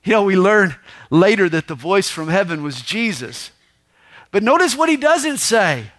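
A man preaching a sermon, moving between booming emphasis and hushed, quiet asides as he tells the story. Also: very animated, a little slow. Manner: dramatic preaching, swings from loud to hushed. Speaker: pastor.

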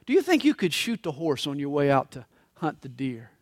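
A male pastor voicing an old farmer who asks for a sad favor, soft and pleading. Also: fairly high pitch, sing-song, a little fast, dry recording, studio quality, voice pushed down.

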